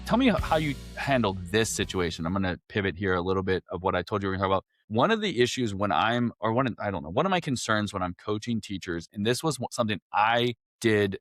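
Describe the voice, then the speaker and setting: A man with a somewhat low voice hosts an interview, talking straight and easygoing with his guest. His voice is recorded close and dry. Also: expressive, fast, hardly any pauses, a bit bright, no room sound, faint music behind. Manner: direct, conversational, self-deprecating asides. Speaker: podcast host and teacher. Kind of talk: podcast interview.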